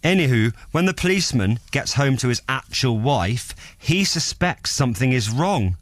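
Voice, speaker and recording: A man's voice: mid-range voice, expressive, moderate pace, no echo. A man hosting a radio show in a studio, chatting in a jokey, teasing way. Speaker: radio host. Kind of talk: playful radio chat. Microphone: studio microphone.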